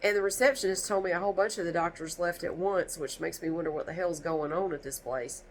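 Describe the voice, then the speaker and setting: A woman's voice: fairly low pitch, fast talker, slight background noise, poor audio. A woman telling a storytime rant to camera, exasperated and rambling, with a stuffy nose from sneezing. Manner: exasperated, animated, rambling with restarts. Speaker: vlogger.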